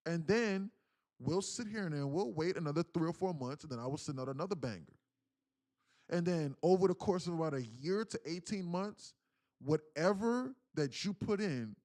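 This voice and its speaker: A man hosting a live trading stream, talking casually in a lively, slangy and profane way with many restarts. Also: medium pitch.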